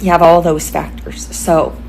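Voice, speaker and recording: A woman's voice: sits low, level tone, unhurried, a little mellow, poor audio. A woman vlogging casually from a hotel room, chatting with enthusiasm about her vintage finds. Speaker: home decor vlogger. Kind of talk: casual vlog chat. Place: hotel room, sitting in bed. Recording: faint background noise.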